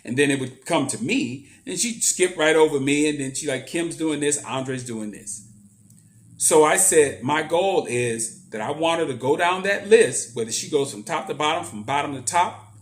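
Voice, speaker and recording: A man's voice: on the high side, lively intonation, moderate pace. A middle-aged man earnestly telling a personal story, emphatic and repeating himself for weight. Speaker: motivational speaker.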